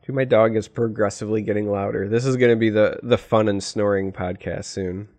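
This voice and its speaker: A man's voice: lowish voice, steady tone, a little fast, a little mellow. A man co-hosting a casual podcast, teasing his guests with dry humor. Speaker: podcast co-host.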